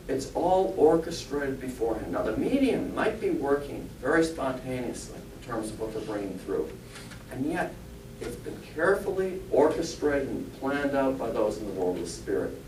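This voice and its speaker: A man's voice: very animated, normal speed, a little mellow. A man, a spiritualist pastor and medium, giving a conversational sermon, joking and asking the congregation rhetorical questions. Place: church hall. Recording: echoey church, mic far off, faint rumble.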